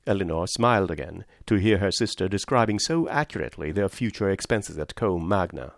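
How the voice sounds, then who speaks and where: A man narrating a period novel in a soft, measured reading voice. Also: lively intonation, gravelly, no room sound, clean studio sound. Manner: low, soft narration tags. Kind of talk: audiobook narration.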